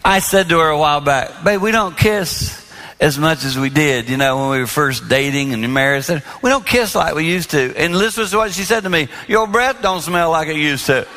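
A man's voice: a little high, brisk, slight background noise. A man in his sixties preaching on marriage to a large audience, telling stories and acting out the dialogue. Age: 60s. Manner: animated storyteller acting out dialogue. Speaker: pastor. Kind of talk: sermon on marriage. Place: large hall before an audience. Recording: long hall reverb.

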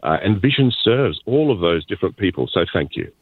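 A man's voice: sits low, big pitch swings, a little fast, breathy edge, no room sound. An Australian man from the outback talking modestly with radio hosts as a phone-in guest. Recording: tinny phone line.

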